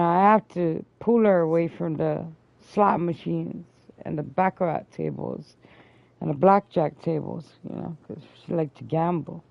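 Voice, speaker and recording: A woman's voice: creaky, no room sound. A woman host telling a long story in casual chat, swearing freely. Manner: profane, loud and high when quoting people. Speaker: streamer host. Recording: dull lo-fi stream audio.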